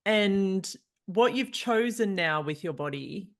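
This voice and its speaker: Woman on a call asking a long loose question, lots of likes, mid pitch. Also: lively intonation, takes it slowly. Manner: rambling questions with many "like" and "you know" fillers. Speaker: interviewer. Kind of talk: casual interview question.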